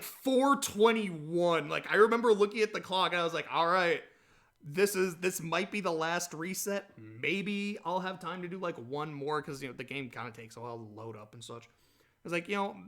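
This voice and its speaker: A man with a fairly high voice talks on his own podcast in a loose, rambling way. He tells stories with lively animation and chats casually throughout. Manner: rambling, chatty, animated storytelling with laughs. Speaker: podcast host. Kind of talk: casual solo talk.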